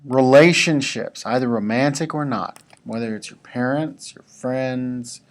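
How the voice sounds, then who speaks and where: A man delivers a devotional message to a school audience in a laid-back, conversational way. He speaks very slowly, in a voice of ordinary pitch, and drops in casual asides to the students between his points.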